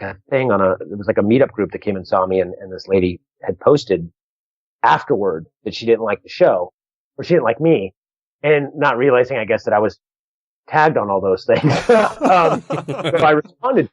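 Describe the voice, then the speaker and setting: A man's voice: mid-range voice, normal speed, no echo. A man, a comedian, telling a story on a podcast over a video call, rambling with many restarts and acting out both sides of an exchange. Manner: rambling, animated, restarts often, acts out quoted exchanges. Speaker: comedian guest. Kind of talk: casual podcast interview storytelling. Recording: dull lo-fi video call audio.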